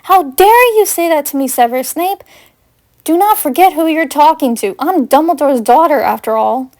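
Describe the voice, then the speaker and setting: A woman's voice: a little high, moderate pace, a little mellow, close to an everyday voice. A woman reading the heated, accusing lines of an angry young witch confronting her boyfriend, as she reads fanfiction aloud. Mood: furious.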